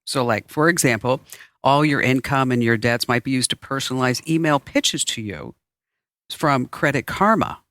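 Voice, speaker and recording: A man's voice: medium pitch, lively intonation, normal speed, bright, forceful tone, dry recording. Man, podcast co-host, casual chat, loose filler-heavy talk, dry studio sound. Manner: chatty, loose, lots of "like" and "uh".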